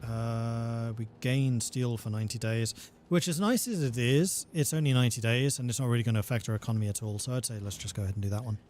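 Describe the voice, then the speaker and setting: Male game dev, livestream explainer, steady and plain-voiced. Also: medium pitch, quick pace, few pauses, a little hiss or hum. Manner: patient, step-by-step explanations. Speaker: game developer.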